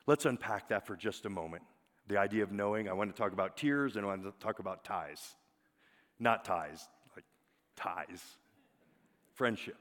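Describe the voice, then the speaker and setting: A man preaching a sermon as pastor, emphatic, often dropping to a soft, drawn-out single word for weight. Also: lowish voice. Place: church sanctuary. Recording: long hall reverb.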